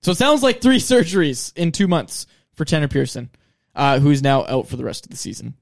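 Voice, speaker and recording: Male podcast co-host, higher-pitched, dry close-miked sound, casual and wry. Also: a little fast, vocal fry, no room sound. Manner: reads news items aloud, dry asides. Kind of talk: casual sports podcast chat.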